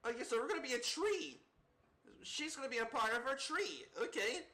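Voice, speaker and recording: Woman game streamer, casual joking commentary, bright voice. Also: sits high, very animated, a little fast. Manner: chatty, laughing, joking reactions.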